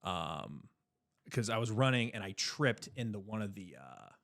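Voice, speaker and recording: A young man co-hosting a podcast, telling a story in a casual, animated way, swearing freely. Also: on the low side, unhurried. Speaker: podcast co-host.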